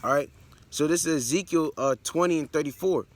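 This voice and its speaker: A man's voice: on the high side, a little fast, a little hiss or hum. A man teaching the Bible in a blunt, conversational preaching style. He reads scripture aloud, then explains it, and keeps checking in with "all right" and "man.".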